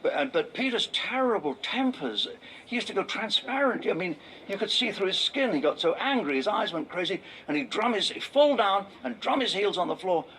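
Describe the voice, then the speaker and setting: Older English man, comic raconteur; higher voice that swoops widely, faint ambience behind. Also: sing-song, fairly quick, sharp tone, a little hiss or hum, poor audio. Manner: wry storyteller, drops into low mock voices for punchlines. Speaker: comedian and game show host. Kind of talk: anecdotal stand-up and reminiscence.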